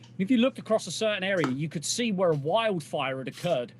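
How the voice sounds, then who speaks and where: A fairly high-voiced English man in loose podcast banter, rambling and restarting his sentences. A faint hum sits under his voice. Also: lively intonation, fairly quick. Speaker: podcast co-host. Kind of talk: casual banter.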